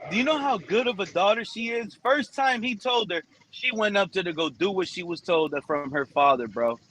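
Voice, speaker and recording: A man's voice: high voice, lively intonation, moderate pace, fairly bright tone, slight background noise, low-quality recording. A man hosting a streamed panel, repeatedly cutting in to back up another speaker. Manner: interjecting, repeating names to cut in. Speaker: host of sports stream panel. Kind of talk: casual panel talk.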